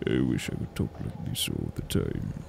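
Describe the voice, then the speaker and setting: A man putting on an exaggerated, very deep and gravelly menacing voice, drawn out slowly. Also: lively intonation, full character voice. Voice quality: gravelly, very low rumble.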